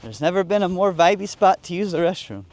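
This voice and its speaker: A man's voice: high-pitched, expressive, a little mellow. Playful man vlogging from a river boat. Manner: playful, mock-solemn, speaks some halting Spanish. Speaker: travel vlogger. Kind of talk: casual vlog narration.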